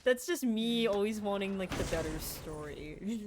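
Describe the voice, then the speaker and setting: A streamer chatting casually during a game stream, excitable and chatty, laughing often. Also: medium pitch, a little slow, background noise.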